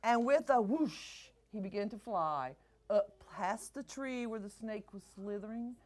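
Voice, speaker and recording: A woman's voice: medium pitch, lively intonation, a little slow, a little mellow. A woman reading a picture book aloud to children as a librarian, coaxing them to act along.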